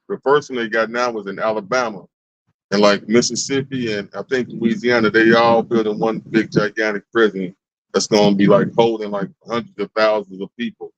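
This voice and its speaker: A man's voice: on the low side, fairly bright tone, no echo. A man in a casual group discussion, speaking steadily with filler hesitations. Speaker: camp group member. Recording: dull lo-fi sound.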